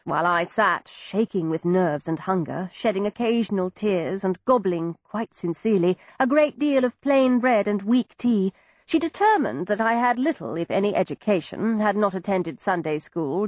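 Woman reading an old-timey story, lively up and down voice, dry close sound. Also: mid-range voice, no echo. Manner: expressive, measured period storytelling. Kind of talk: audiobook narration.

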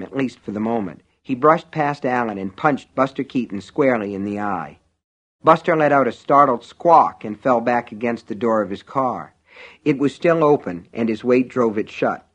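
A man reading an audiobook in measured, vivid narration. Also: mid-range voice. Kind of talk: scripted narration.

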